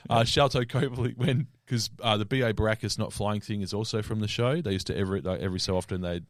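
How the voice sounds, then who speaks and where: A man co-hosting a podcast, talking about a film in a halting way, with many restarts and fillers. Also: on the low side, dry recording, studio quality. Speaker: podcast co-host. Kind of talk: casual movie chat.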